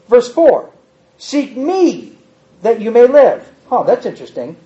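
A man's voice: very high-pitched, sing-song, measured pace, dark tone, dull audio. A man teaching an informal Bible class, reading scripture aloud with dramatic emphasis between casual comments.

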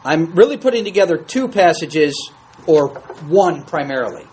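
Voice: mid-range voice, big pitch swings, normal speed, darkish tone, slight background noise, poor audio. A Bible study teacher reading scripture aloud to a class and commenting on it in a conversational way, asking the group questions.

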